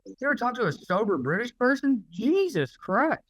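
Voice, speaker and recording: A man's voice: extremely high pitch, sing-song, moderate pace, dry recording, poor audio. A man co-hosting a podcast, ranting in casual, profane chat. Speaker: podcast co-host.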